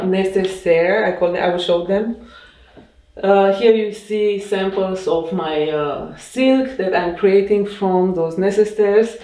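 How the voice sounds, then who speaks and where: A woman's voice: mid-range voice, a little mellow. Hesitant woman designer in a roomy shop. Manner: hesitant, many fillers, emotional storytelling. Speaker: fashion designer showing her shop. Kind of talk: casual guided tour. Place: her small boutique shop, indoors. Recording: roomy indoor sound.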